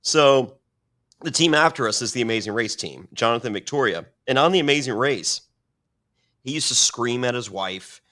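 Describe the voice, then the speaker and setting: His voice sits in the mid range and moves at a moderate clip. Appearing as a guest on a podcast, he tells loose, casual stories full of cursing and false starts, sounding lively and rambling throughout.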